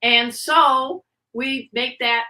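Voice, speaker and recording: A woman guest on a video podcast, teaching pet first aid with an energetic, demonstrative manner. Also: sits high, very slow. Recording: roomy echo.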